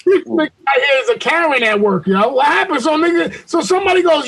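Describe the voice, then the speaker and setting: A man bantering on a video call, joking crudely and teasing loudly. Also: extremely high pitch, lively intonation, fast, hardly any pauses, rough recording.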